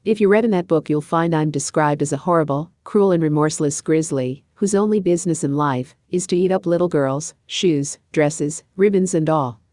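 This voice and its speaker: A remorseless male grizzly bear from a storybook growls out his menace, as a woman reads him. The voice sits low and is recorded dry and close. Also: moderate pace, few pauses, mellow, dry recording, close to an everyday voice. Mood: boastful.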